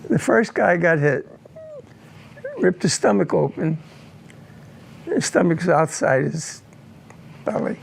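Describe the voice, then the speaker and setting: An older man, a war veteran, recounting a personal war memory in an interview, grave and halting, often repeating his words. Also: on the high side, expressive, gravelly.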